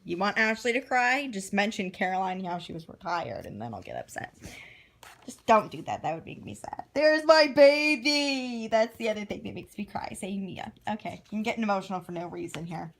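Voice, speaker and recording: A woman's voice: on the low side, animated, a little fast, gravelly, fairly bright tone, breathy edge. A woman vlogger chatting casually while reading aloud from a book, gushing, with frequent asides and self-corrections.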